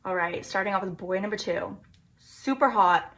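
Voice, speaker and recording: A woman's voice: mid-range voice, level tone, brisk, creaky, fairly bright tone. Flippant chatty young-sounding woman. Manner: chatty, flippant, self-mocking. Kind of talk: casual vlog recap.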